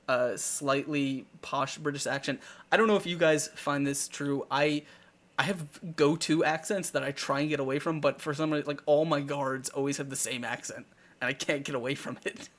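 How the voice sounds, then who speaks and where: Rambling, animated male talk show host. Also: a little high. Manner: rambling, animated storytelling with many restarts. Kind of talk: casual live talk show chat.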